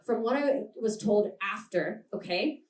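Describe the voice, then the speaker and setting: A woman's voice: mid-range voice, lively intonation, a little slow, a little mellow, slight background noise. A young adult woman doing a stand-up comedy set at a live show, brash and rambling, often laughing through her lines. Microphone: handheld stage mic. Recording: roomy venue, mic picked up from a distance.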